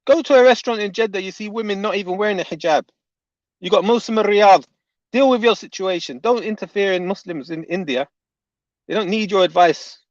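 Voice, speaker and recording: A man's voice: sits high, a little fast, no echo. Heated man ranting, dull dry audio. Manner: heated, indignant, repeating himself. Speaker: online commentator. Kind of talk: heated reaction rant to camera.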